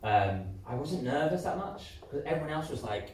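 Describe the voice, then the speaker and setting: A man's voice: fairly high pitch, very animated, normal speed. A man in his thirties, a musical theatre performer interviewed live on stage, talking candidly with many fillers and restarts. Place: community centre hall before an audience. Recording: echoey hall, distant mic, faint noise.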